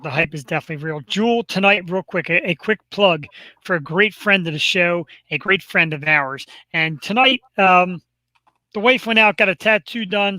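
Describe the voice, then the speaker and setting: A man's voice: sits high, bright, forceful tone, no echo, low-quality recording. A man with a Philadelphia accent hosting a live webcast, chatting in an upbeat, rambling, self-deprecating way. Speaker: podcast host. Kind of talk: casual live webcast chat.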